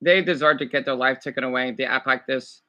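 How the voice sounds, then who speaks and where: A man's voice: medium pitch, fast, bright, forceful tone, dull audio. A man reacting to a video clip with heated, profane ranting, often stumbling and restarting. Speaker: reaction vlogger.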